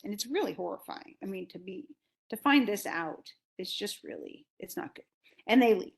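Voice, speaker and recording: A woman's voice: medium pitch, sing-song, brisk, vocal fry. A woman teacher giving a casual lecture, paraphrasing a play in a conversational way with frequent restarts.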